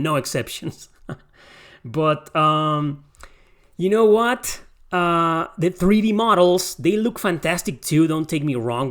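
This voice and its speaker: A man's voice: medium pitch, fairly bright tone. A young man hosting a podcast, talking casually and rambling through his opinions on a game remake, often correcting himself mid-sentence. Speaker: podcast host. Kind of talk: casual game review talk.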